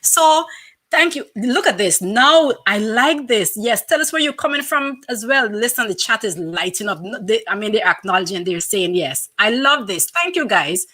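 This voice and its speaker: A woman co-hosting a live-streamed special, giving upbeat shout-outs with many fillers. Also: medium pitch, animated, normal speed, few pauses. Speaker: co-host. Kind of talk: live-stream casual chat.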